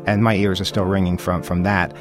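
A man's voice: low voice, flat delivery, brisk, music in the background. A man hosting a talk radio show, chatting wryly and tripping over his words. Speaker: radio host. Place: radio studio.

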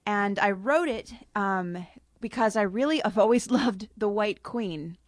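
A woman author talking casually about her story, laughing often, before reading an excerpt. She speaks at a middle pitch. Her voice is dry and close on a studio mic. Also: a little slow, dry recording. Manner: chatty with frequent laughs. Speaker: author guest.

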